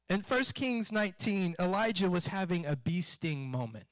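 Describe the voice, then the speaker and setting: A man's voice: sits high, moderate pace, no room sound. A man, a pastor, giving a sermon and telling a personal story, acting out the voices in it. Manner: animated storytelling with acted-out quotes.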